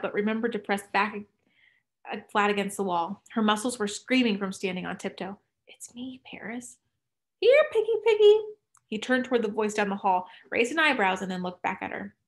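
A woman reading a novel aloud at a measured pace. Her mid-pitched voice drops to a hush for tense moments. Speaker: audiobook narrator. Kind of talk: scripted narration.

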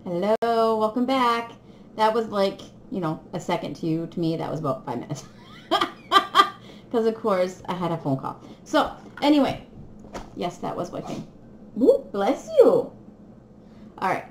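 An excitable woman gushes to her viewers in a casual unboxing chat, her pitch swooping up and down as she giggles. She sounds as if she is in an echoey room, with a faint hiss behind her. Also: a little slow, long pauses. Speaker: crafting vlogger.

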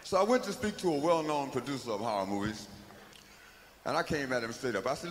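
A comic storyteller performs a live spoken-word comedy monologue, telling his story in a loose, profane, rhythmic style. His mid-range voice swings widely in pitch, and he talks briskly but pauses often. It's a live hall recording with faint noise.

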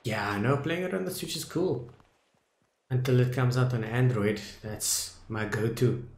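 A young South African man streaming a video game, talking casually to his viewers, muttering at times and loudly dismayed at others. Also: mid-range voice, unhurried, gravelly, reverberant. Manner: talks to viewers as "dudes" and "boys", swings from muttering to loud dismay. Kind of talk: casual live gameplay commentary.

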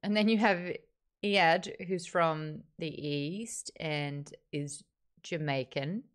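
A woman's voice: deep voice, takes it slowly, clean tone. Candid, laughing woman hosting a book chat. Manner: candid, wry, laughs often. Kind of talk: casual book review chat, reading viewer comments.

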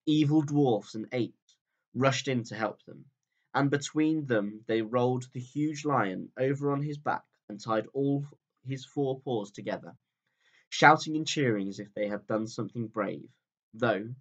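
Man calmly reading a storybook aloud. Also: lo-fi sound. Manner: calm, steady storytelling that drops low at sentence ends. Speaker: teacher reading to pupils. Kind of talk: reading a chapter book aloud.

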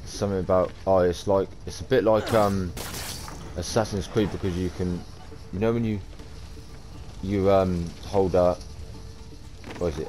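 A man's voice: low voice, darkish tone, slight background noise. A man giving casual, slangy gameplay commentary, chatty and blunt. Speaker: gamer streamer.

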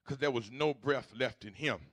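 A man preaching a sermon as pastor, moving from quiet storytelling to loud, repetitive exhortation. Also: medium pitch, moderate pace, dry recording, studio quality. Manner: swings from hushed storytelling to loud preaching, repeats phrases. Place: church sanctuary.

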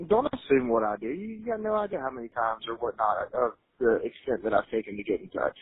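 A man's voice: mid-range voice, expressive, brisk, slightly rough, dry recording. A young man on a recorded phone call, frustrated and defensive, swearing as he talks. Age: young adult. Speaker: son on a jail phone call. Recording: tinny jailhouse phone line.

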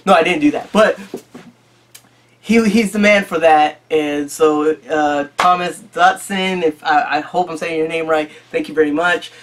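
Casting: male vlog host, slightly high voice, loose rambling delivery, profane and jokey. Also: fairly even intonation, a little slow, a bit bright, a little hiss or hum. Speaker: YouTube collector channel host. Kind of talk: casual chat.

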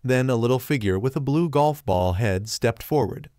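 A man narrating a fanfiction story in an even storybook reading manner. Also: mid-range voice, normal speed, dry recording, clean studio sound.

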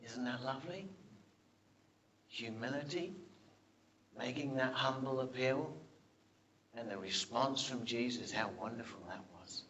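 A man preaching a sermon, telling Bible stories with lively questions to his listeners and dropping his voice low and soft for quoted speech. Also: measured pace, long pauses, muffled recording, a little hiss or hum. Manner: animated storytelling, drops to a hush for quoted lines; asks the congregation rhetorical questions.

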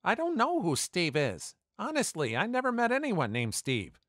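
A man's voice: high-pitched, huge pitch swings, moderate pace, fairly bright tone, no room sound, clean studio sound, voice pushed up, full character voice. A man voicing a scared, crying thirteen-year-old boy who pleads to be left alone. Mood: pleading. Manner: pleading, tearful.

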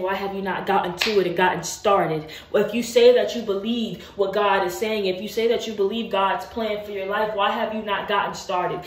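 Woman faith mentor, urgent rhetorical preaching, heard from a distance, roomy sound. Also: mid-range voice. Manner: urgent, repetitive, rhetorical questions. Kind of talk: preaching to camera. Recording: roomy room, distant mic.

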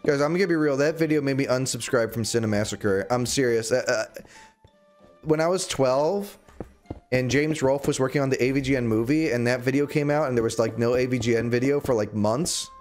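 A man's voice: mid-range voice, a little fast, a little mellow, faint music behind. A young man chatting casually while streaming a game, rambling with jokey, sarcastic asides. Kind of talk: casual livestream chat while gaming.

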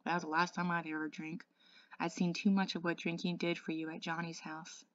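A woman, an English tutor, reading a novel aloud in a steady voice, with small slips and restarts. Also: fairly low pitch, brisk, no room sound, highs cut off.

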